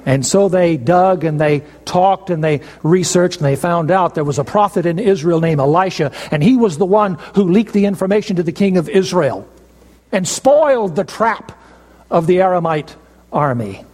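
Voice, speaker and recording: High-ish guy preaching, storytelling, lots of pauses, big hall echo. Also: lively intonation, darkish tone. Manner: storytelling, emphatic, with dramatic pauses. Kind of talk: sermon.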